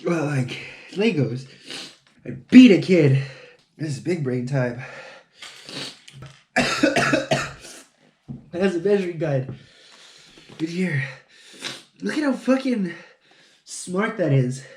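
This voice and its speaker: Slow-talking, foul-mouthed man vlogger. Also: a little high, big pitch swings. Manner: profane, mumbling to himself, self-mocking. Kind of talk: casual solo vlog talking to camera while building. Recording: echoey room.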